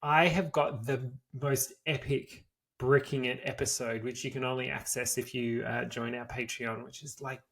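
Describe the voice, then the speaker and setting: A man's voice: mid-range voice, fairly even intonation, moderate pace, creaky, fairly bright tone, husky. A man, co-hosting a podcast and reading a history story aloud from notes before slipping into casual chat. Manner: casual, swears freely, reads from notes. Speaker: podcast co-host.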